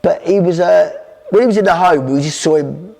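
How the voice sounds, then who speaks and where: Rapid-fire man, guest spinning anecdotes with restarts, in a reverberant space. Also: sits high, vocal fry, dark tone. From South London. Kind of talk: storytelling interview. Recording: long hall reverb.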